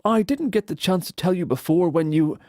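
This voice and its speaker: Brief: emphatic, higher-pitched loyal male sidekick, voiced by a man, mellow tone. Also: lively intonation, a little fast, dry recording, studio quality. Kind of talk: audiobook character voice.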